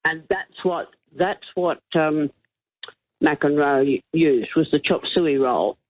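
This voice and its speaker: A woman's voice: deep voice, slow pace, dry recording. A woman calling in to a talkback show, precise and insistent about getting her facts right. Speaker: caller. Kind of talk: phone-in talkback call. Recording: tinny phone line.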